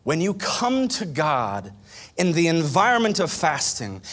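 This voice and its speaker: A man preaching a sermon as pastor, repeating phrases for emphasis and swinging from loud declarations to hushed near-whispers. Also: fairly high pitch, huge pitch swings, unhurried.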